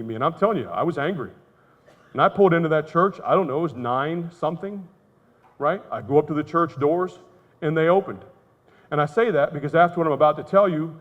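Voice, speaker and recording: Earnest man telling a story in a hall. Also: a little high. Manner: earnest storytelling, candid and emotional. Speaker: conference speaker. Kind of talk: testimony talk. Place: conference hall. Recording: muffled, reverberant hall sound.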